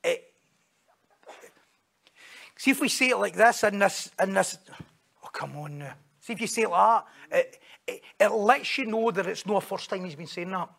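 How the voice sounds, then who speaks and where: A man's voice: high voice, normal speed, creaky, long pauses, a bit bright. A man preaching a sermon in a conversational way, acting out quoted voices and asking rhetorical questions.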